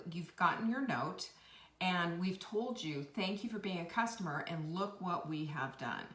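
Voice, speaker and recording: A woman hosting a live-stream, chatting warmly with viewers and greeting them by name. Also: fairly low pitch, far from the mic. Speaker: host. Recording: echoey room.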